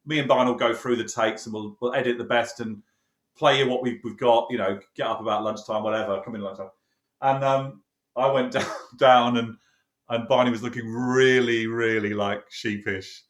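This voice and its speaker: A man's voice: medium pitch, moderate pace. A man, a producer casually telling a studio anecdote, acting out the dialogue and laughing as he goes. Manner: lively storyteller, acts out quoted dialogue, laughs often. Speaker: producer recalling a recording session. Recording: roomy echoey sound.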